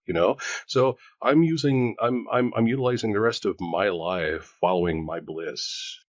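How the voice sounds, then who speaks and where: A man's voice: on the low side, moderate pace, no echo. A man in his forties hosting a casual chat, talking in a rambling, joking way. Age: 40s. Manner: chatty, rambling, self-joking. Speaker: host.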